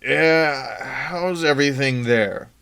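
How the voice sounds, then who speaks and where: A man reading aloud, voicing a harried father who speaks slowly and earnestly in a raised voice. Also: mid-range voice, gravelly, bright, forceful tone, clear, resonant tone, voice pushed up, exaggerated voice. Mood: apologetic. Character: harried father on the phone, apologetic.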